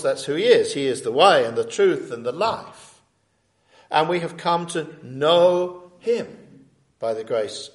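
A man preaching an earnest sermon, leaning on emphatic words and rhetorical questions. His voice sits at an ordinary male pitch. The sound carries a roomy echo, as if in a church hall. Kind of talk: sermon with scripture reading.

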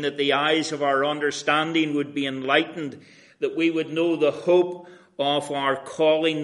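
A man's voice: a little high, fairly bright tone. A male pastor, preaching an earnest sermon and citing scripture verses.

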